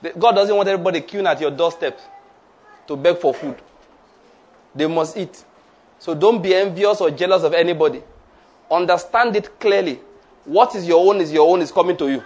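Male preacher, slightly high voice, call-and-response sermon. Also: brisk. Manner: leads the congregation in call-and-response declarations.

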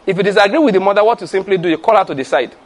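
A man's voice: sits high, very fast. A man preaching a sermon as a pastor, emphatic and full of rhetorical questions, breaking into laughter as he makes his points.

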